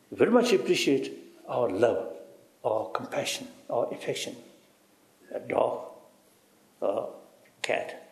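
A man giving halting, reflective interview answers in broken English, often repeating "you see" and chuckling. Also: medium pitch, vocal fry, echoey room. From Tibet. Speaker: interviewee, spiritual teacher.

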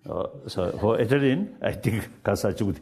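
Halting, lively-voiced man searching for words. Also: fairly low pitch, gravelly. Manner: animated, acts out quoted speech. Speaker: spiritual leader in a panel discussion. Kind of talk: conversational panel talk.

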